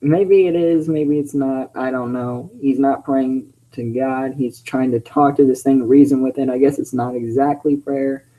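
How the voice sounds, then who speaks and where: A man's voice: mid-range voice, fairly even intonation, measured pace, hardly any pauses, warm tone, rough recording. A man hosting his channel, reading fan fiction aloud with chatty, self-interrupting commentary.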